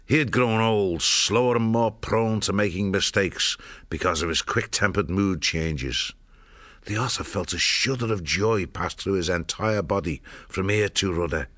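A man with a very low voice narrates a storybook in a measured, steady manner. It's scripted audiobook narration, recorded dry and close with no room sound.

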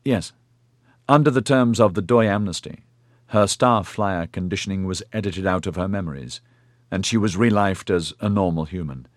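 A man voicing a patient, formal male clinic official who explains things in a measured, polite way with hesitant fillers. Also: deep voice, dry recording, clean studio sound, close to an everyday voice. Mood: explaining.

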